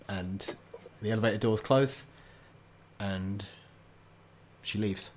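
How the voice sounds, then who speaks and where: A man narrating a tabletop game as game master, halting and full of restarts. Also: lowish voice, steady tone, a little hiss or hum. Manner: halting, many fillers and restarts.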